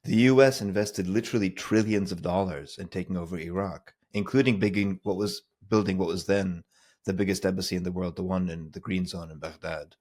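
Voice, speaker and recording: This man co-hosts a discussion podcast over a remote call, pressing his arguments emphatically in a casual exchange. His voice sits low and a bit dark, with a steady tone and a fairly quick pace.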